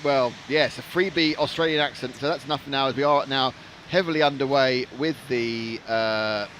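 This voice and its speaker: A man's voice: medium pitch, normal speed, a bit bright, a little hiss or hum. A man, chatting and joking as a live racing stream commentator. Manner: chatty, jokey, rambling.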